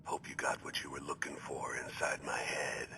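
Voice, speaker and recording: A gravelly whispering killer. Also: male voice, very deep voice, flat delivery, normal speed, pushed and bright, heavily acted. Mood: menacing. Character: cold menacing male mercenary's voice in a synth. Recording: game audio heard from a stream.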